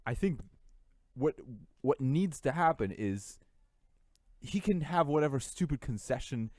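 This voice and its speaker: A man's voice: mid-range voice, lively intonation, a little slow, darkish tone, no room sound, studio quality. A man co-hosting a casual podcast chat from a room at home, blunt and profane, heating up as he rants. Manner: blunt, profane, heats up when ranting. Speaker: podcast co-host.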